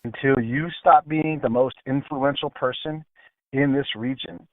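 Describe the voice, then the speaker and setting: A man's voice: mid-range voice, unhurried, dry recording. Man on a phone-in, emphatic, repeats himself for stress, tinny phone sound. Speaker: guest, military analyst. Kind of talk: talk radio interview. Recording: phone line.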